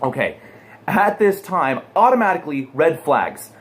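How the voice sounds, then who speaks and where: A man's voice: on the high side, unhurried. A man from the United States telling a personal anecdote to his viewers, acting out the people in it. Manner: animated storyteller, acts out quotes. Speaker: pool guy vlogger. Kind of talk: personal anecdote told to camera.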